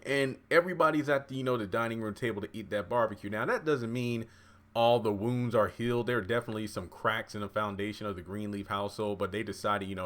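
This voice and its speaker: A man's voice: fairly low pitch, quick pace, a bit bright. A man giving a casual, rambling recap of a TV episode, chatty and full of fillers and side stories. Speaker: TV recap vlogger.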